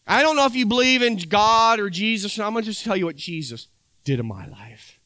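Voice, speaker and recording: A man's voice: sits high, animated, fairly quick, sharp tone, no room sound. A man preaching a sermon as pastor, talking conversationally and acting out little dialogues with his listeners.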